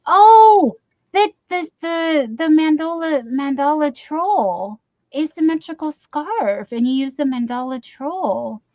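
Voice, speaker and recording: In an unhurried, high voice, a livestream host chats casually as she unboxes gifts, excitable and gushing with plenty of gasps and exclamations. It's a dry recording from a webcam or desk mic, with a dull stream sound.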